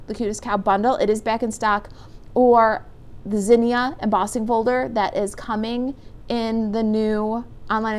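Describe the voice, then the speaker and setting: A middle-aged woman demonstrating paper crafts on a live stream, chatting and reading viewer comments aloud. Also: fairly high pitch. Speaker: stamping demonstrator.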